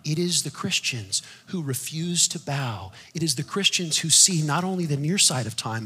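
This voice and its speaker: A male pastor preaches with a husky, very bright and cutting voice, pitched high for a man. He moves between hushed asides and loud, fervent declarations, with a casual, restarting way of talking. The sermon rings with a long church-hall reverb. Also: lively intonation, normal speed, few pauses. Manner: conversational, with restarts and "like" fillers.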